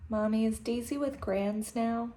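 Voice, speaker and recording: A woman voicing a gentle, anxious young boy who speaks in a small, pleading way. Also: a little high, steady tone, a little slow, lightly acted. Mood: soft pleading.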